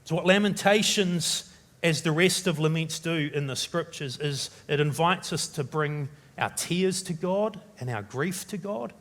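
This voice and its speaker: A high-pitched male pastor from New Zealand delivers a sermon in an earnest, searching tone. He grows dramatic and rises sharply in pitch and volume when he voices the desperate questions of the scripture's writer. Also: measured pace, fairly bright tone.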